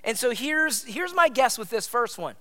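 A man from the United States preaching a sermon as pastor, in a conversational style that repeats phrases and sometimes drops to a hushed near-whisper for emphasis. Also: very high-pitched, very animated, normal speed.

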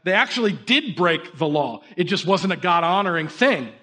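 A man in his thirties preaching a sermon, an energetic storyteller who shifts between hushed, earnest moments and sudden emphatic bursts. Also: high-pitched, normal speed. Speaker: pastor.

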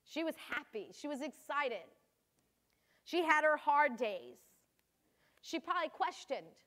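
A woman's voice: high voice, expressive, a little slow. An older woman, a grandmother, giving a reflective devotional talk to mothers and laughing easily as she speaks.

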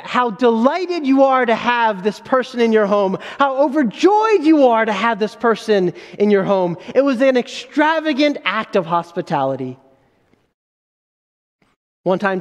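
A man with a very high voice preaches a sermon, earnest and emphatic, often restarting his phrases. His words ring out with a long reverb, as in a large hall. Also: lively intonation, moderate pace. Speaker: pastor.

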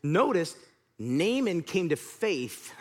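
A man preaching a sermon, telling the story in an animated way and swinging from loud to hushed. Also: sits high, slow pace. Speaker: pastor.

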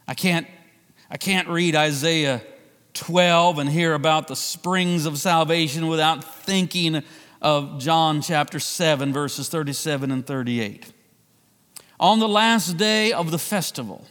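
A man's voice: on the high side, fairly bright tone, big-room sound. A man preaching a sermon, talking conversationally with frequent restarts and repeated phrases. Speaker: pastor.

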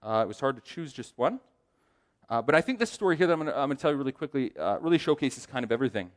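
A man telling a personal testimony as a sermon, acting out the voices of the people in his story. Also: medium pitch. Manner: animated storyteller, acts out quoted voices. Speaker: aspiring chaplain giving a testimony.

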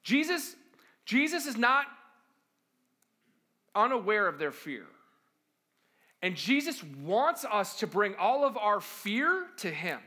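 A man's voice: high-pitched, sing-song, slow pace, long pauses, sharp tone. A man preaching as a pastor in a conversational sermon, often asking the listeners rhetorical questions and acting out the voices he quotes. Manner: acts out quoted voices dramatically.

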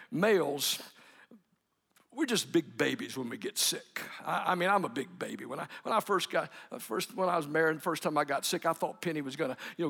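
A man's voice: fairly high pitch, gravelly, fairly bright tone, in a large hall. A man preaching a sermon in a folksy, joking way, often laughing and acting out quotes. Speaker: pastor.

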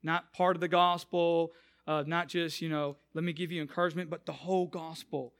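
Young male pastor, high voice, storytelling sermon that swells into emphatic preaching. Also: level tone, a little fast, vocal fry, fairly bright tone, clean tone. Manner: conversational, acts out quotes, rises to emphatic preaching.

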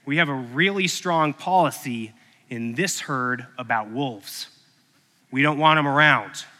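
A man's voice: mid-range voice, measured pace, sharp tone, voice pushed down. A man playing a stern, demanding male shepherd who hires and scolds a boy, in a preaching story. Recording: echoey hall.

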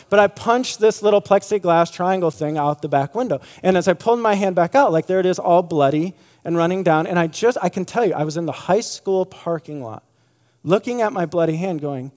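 A man's voice: a little high, a little mellow. A man preaching a sermon in a loose, conversational way, with many fillers and restarts. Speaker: pastor. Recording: long hall reverb.

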